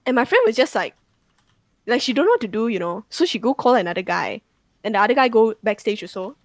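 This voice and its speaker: A woman's voice: fairly high pitch, very animated, quick pace, no room sound. A young woman tells a ghost story casually, rambling with lots of "like" and swearing. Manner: rambling, full of "like" fillers and swearing.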